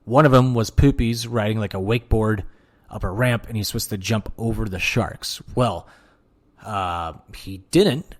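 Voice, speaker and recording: A man hosting a podcast alone, talking casually and excitedly, with lots of swearing and filler words. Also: lowish voice. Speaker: podcast host. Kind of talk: casual solo podcast monologue.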